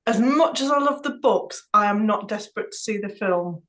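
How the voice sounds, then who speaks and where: A woman's voice: mid-range voice, lively intonation, normal speed, a bit bright, low-quality recording. A woman co-hosting a podcast, chatting in an easygoing way and thinking aloud. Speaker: podcast co-host. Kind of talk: casual chat.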